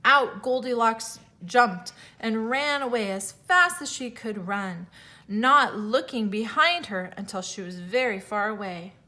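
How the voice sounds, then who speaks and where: A woman teacher reading a fairy tale aloud to children, expressive, with small slips and self-corrections. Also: fairly high pitch, a little slow.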